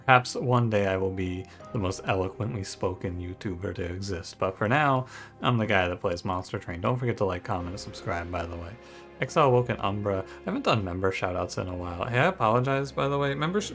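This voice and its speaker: A man with a Michigan accent and a slightly low voice chats at a desk microphone, musing and thinking aloud as he opens a gaming video. Soft music plays faintly behind him. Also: vocal fry. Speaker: gaming YouTuber. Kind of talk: casual let's-play intro chat.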